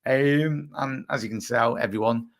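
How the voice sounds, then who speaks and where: A young Scouse man with a groggy, hoarse voice, hosting a casual live football chat and answering viewers as he rambles. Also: mid-range voice, a little slow. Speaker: livestream host.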